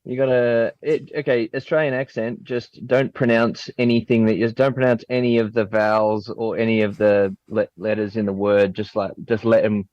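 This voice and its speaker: A man's voice: on the low side, level tone, moderate pace, hardly any pauses, no echo, muffled recording. A man co-hosting a casual online chat, joking and teasing. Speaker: host.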